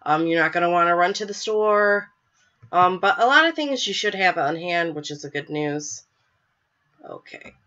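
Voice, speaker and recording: A woman's voice: on the low side, expressive, moderate pace, sharp tone, dull audio. Stuffy-voiced woman hosting a show. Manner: chatty, filler-heavy, apologetic. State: stuffy with a cold. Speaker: podcast host. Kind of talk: casual live show chat. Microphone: webcam.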